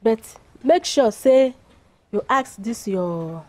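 A woman's voice: fairly high pitch, expressive, takes it slowly. An actress with a Nigerian accent playing a nosy, gossipy village neighbor woman. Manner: gossipy, insinuating.

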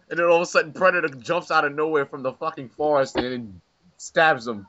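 A young man's slightly high voice coming through a dull, lo-fi call. He rambles through a story with many stops and restarts, chuckling along the way. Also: brisk, pushed and bright. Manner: rambling, restarts a lot, laughs at his own stories. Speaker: friend on the call. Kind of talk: casual chat. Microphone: computer mic on a voice call. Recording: dull lo-fi voice chat recording.

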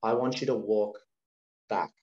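A man's voice: fairly low pitch, measured pace. A man from Australia in his thirties, a guest telling a personal story in a casual interview, acting out the voices of the people in it. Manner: animated storyteller acting out quoted dialogue. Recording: roomy, slightly dull sound.

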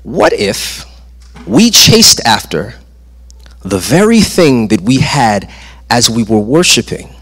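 Emphatic preacher in a reverberant church hall. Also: male voice, medium pitch, very animated, slow pace, fairly bright tone, slightly rough. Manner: emphatic, rising and falling delivery with repeated phrases. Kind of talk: sermon. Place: church sanctuary.

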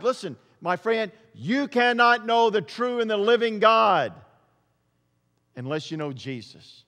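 High-voiced pastor preaching with emphasis. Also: male voice, lively intonation, a little slow, fairly bright tone, big-room sound. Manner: emphatic preaching, repeats phrases, swells and drops in volume. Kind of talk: sermon.

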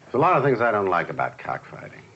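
An actor playing a persuasive businessman in the cockfighting world, in a smooth and showy manner. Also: fairly low pitch, huge pitch swings, fast talker. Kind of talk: film dialogue. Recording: dull lo-fi film sound, barnyard noise.

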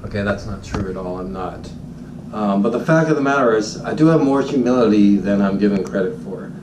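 A man, a high school Spanish teacher, telling a story in a jokey, boastful vlog and acting out his own shouts. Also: brisk, reverberant, distant mic, background noise. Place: Honolulu.

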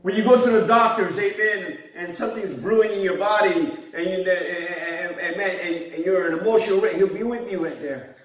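A middle-aged pastor's sermon unfolds as a string of conversational stories, with him laughing along. His voice sits high and moves briskly, captured from a distance in an echoey church hall.

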